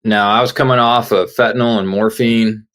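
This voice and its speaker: A man's voice: fairly low pitch, steady tone, moderate pace, a bit bright. A middle-aged man, a guest on an interview show, earnestly telling a personal story and acting out the words of the people in it. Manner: earnest storyteller, acts out quoted dialogue. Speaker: guest, author.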